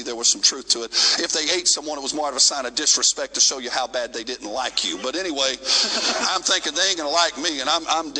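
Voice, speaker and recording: A man telling a missionary story in a sermon, folksy and animated, going from shouting to hushed. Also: mid-range voice, slight background noise, low-quality recording. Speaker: missionary preacher. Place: church sanctuary.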